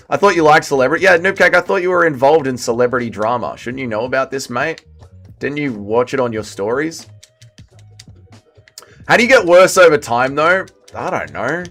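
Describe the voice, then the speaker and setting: Man in his thirties, animated. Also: medium pitch. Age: 30s. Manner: banter, reading chat aloud while playing. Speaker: streamer. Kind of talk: casual livestream gaming commentary.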